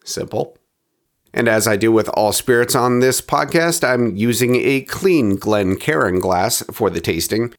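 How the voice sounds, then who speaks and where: A man hosting a spirits review podcast, reading his notes in a steady, descriptive way. His pitch moves up and down a lot as he talks. Now and then he drops into soft, low asides. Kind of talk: scripted review narration.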